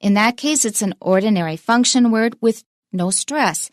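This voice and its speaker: A woman teaching English pronunciation in a bilingual lesson, demonstrating stress with clear, emphatic example sentences. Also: on the high side, lively intonation, moderate pace, no echo, studio quality.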